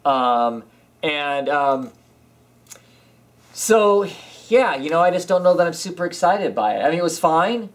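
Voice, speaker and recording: A man's voice: a little high, big pitch swings, a little slow. A man co-hosting a casual comic book chat, rambling and hesitant, with frequent restarts. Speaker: podcast co-host. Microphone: camera mic.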